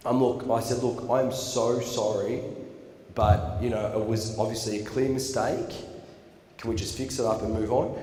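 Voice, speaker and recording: A young man telling his own story at a seminar, acting out the voices of people he quotes with big jumps in loudness. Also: medium pitch, moderate pace. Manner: animated, acts out quotes with big swings in loudness. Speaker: seminar speaker. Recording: echoey hall recording, faint room noise.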